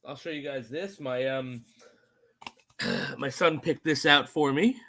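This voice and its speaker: A middle-aged man co-hosting a podcast, chatting casually in an animated, jokey, self-mocking way. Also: medium pitch, takes it slowly. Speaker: podcast co-host.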